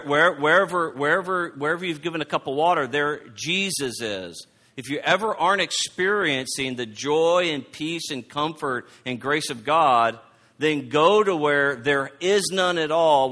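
Bright-voiced middle-aged man preaching. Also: a little high. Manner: halting, repeats words, warm storytelling with scripture reading. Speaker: pastor. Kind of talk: sermon with personal story.

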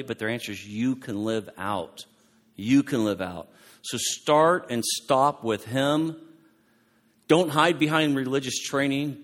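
A man preaching in a loose, animated, conversational way, often restarting his sentences. His voice sits in the middle of the male range. It rings out with the long reverb of a large hall. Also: mid-range voice. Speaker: pastor. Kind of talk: sermon.

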